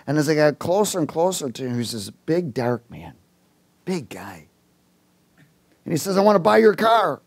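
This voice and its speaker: Animated male preacher telling a story. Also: mid-range voice, breathy edge. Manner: animated storyteller, acts out dialogue; halting restarts, chuckles. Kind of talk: sermon with personal story.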